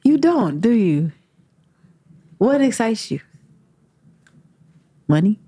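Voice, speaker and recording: Female host, casual chat, playful and energetic. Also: on the high side, husky. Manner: lively, teasing, quick to laugh.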